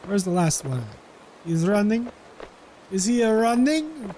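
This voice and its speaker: A man with a notably high voice gives loose, chatty commentary over his gameplay. He is playful and easygoing, and slips into half-serious role-play now and then. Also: very animated, a little slow, dark tone, a little hiss or hum.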